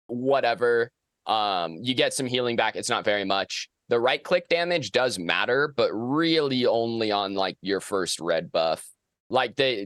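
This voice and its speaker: Male co-host, casual game talk, animated delivery, dry sound. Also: on the low side, no room sound. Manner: animated, ranting. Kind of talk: casual gaming podcast chat. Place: outdoors on a windy day.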